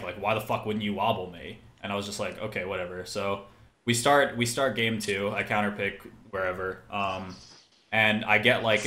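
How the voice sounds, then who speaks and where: A man tells a casual, rambling story packed with fillers, quoting other people's lines in an exasperated tone. His voice is lowish and sharp, and the room sounds echoey with faint background noise.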